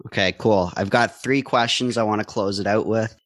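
Low-voiced easygoing male host. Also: fairly even intonation, normal speed, a bit bright, dry recording, clean studio sound. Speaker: podcast host. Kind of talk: casual interview questions.

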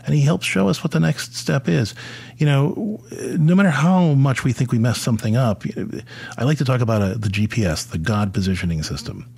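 With a mid-range voice that's a little fast, creaky, and darkish with a breathy edge, a middle-aged podcast host speaks to fathers about faith. The talk is conversational and peppered with fillers, restarts, and repeated words.

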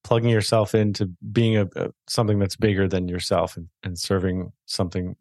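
A man's voice: low voice, little pitch movement, a little fast, darkish tone, no room sound, clean studio sound. A man hosting a podcast, chatting casually and rambling with restarts. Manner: friendly, rambling, with many restarts and fillers. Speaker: podcast host. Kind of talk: casual interview chat.

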